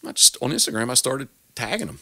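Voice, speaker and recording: A man's voice: fast, dry recording. A man in his forties, a hunting guide, telling stories in a casual interview and acting out the quoted dialogue. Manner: animated, acts out quoted dialogue with big pitch jumps. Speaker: waterfowl hunting guide, guest.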